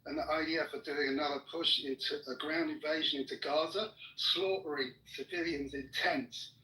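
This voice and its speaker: A man's voice: fairly high pitch, steady tone, moderate pace. Furious swearing man in an echoey room. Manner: furious, swearing constantly, shouting down his opponent. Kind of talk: heated argument. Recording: echoey room, mic at a distance.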